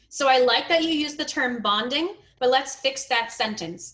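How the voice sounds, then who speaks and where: A woman teaching English on a video call, coaching a student's speaking with encouragement, gentle corrections and frequent laughter. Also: fairly high pitch, normal speed. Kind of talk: one-on-one pronunciation and grammar coaching.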